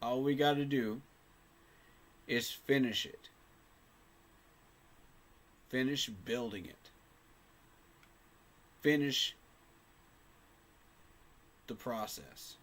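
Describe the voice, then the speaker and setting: Male fan host, mid-pitched voice, fired-up and emphatic, repeats lines for punch. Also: drawn-out words, pauses often, fairly bright tone. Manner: passionate, emphatic, repeats phrases for effect. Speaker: sports fan channel host. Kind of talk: casual fan commentary to camera.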